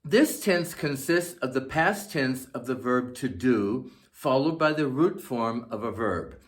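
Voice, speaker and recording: A man teaching a scripted grammar lesson, speaking slowly and enunciating each word with care. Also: medium pitch, animated. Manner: slow, deliberate, carefully enunciated. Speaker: language teacher.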